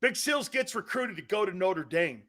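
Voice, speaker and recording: A middle-aged man from Connecticut hosting a sports talk show, telling stories loudly, laughing and acting out the voices of people he quotes. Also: high-pitched, animated, normal speed.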